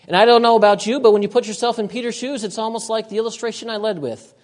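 A man preaching a sermon, emphatic, repeating his key phrases and moving between loud and hushed delivery. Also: high-pitched, steady tone, quick pace.

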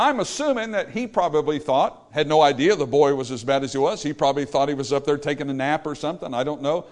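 A man preaching a sermon, reading verses in old scripture wording and retelling them in plain folksy speech. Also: on the high side.

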